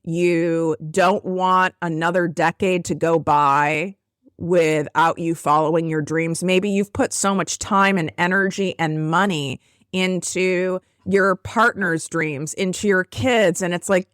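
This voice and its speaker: A woman podcast host with a lowish voice delivers a raw motivational monologue while close to tears. She talks bluntly and swears freely, often leaping up in pitch for emphasis. The recording is close and dry. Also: steady tone, slow, no echo. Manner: blunt and profane, voice rising into high emphatic peaks. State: tearful. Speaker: podcast host and business coach.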